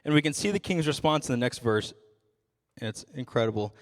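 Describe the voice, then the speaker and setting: A man's voice: medium pitch, lively intonation, fairly quick, big-room sound. A young adult man giving a youth sermon as a ministry intern, casual and self-deprecating with frequent jokes.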